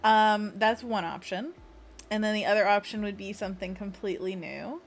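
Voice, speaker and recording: A woman's voice: medium pitch, fairly even intonation, moderate pace. A woman hosting a casual livestream, chatting and giggling as she plans designs and leads viewers through a hand stretch. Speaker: livestream host.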